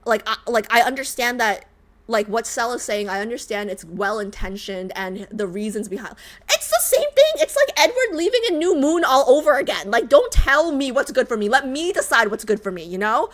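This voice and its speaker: A woman streamer chatting casually while reacting to a game, animated and emphatic, swearing freely and repeating herself. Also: on the high side, a little fast. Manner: swears casually, reads chat aloud.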